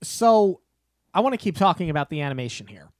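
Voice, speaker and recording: A man co-hosting a podcast, building up a story slowly with playful disbelief. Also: high-pitched, animated, no room sound, studio quality. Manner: slow, deliberate build-ups with playful disbelief. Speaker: podcast co-host. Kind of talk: casual podcast chat. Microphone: podcast microphone.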